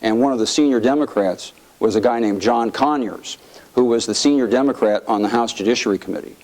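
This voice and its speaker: Lively middle-aged man telling stories. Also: medium pitch, fairly quick, rough recording. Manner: lively storyteller, acts out quotes with a raised voice. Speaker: former congressman telling stories. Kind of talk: anecdotal speech to an audience.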